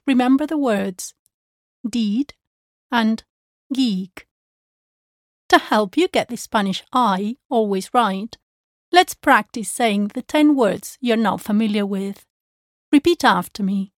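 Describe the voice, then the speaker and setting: A woman Spanish teacher drilling pronunciation, speaking slowly and enunciating each word with care. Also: fairly high pitch, expressive, no echo, clean studio sound. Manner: slow, carefully enunciated drilling. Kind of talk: pronunciation lesson.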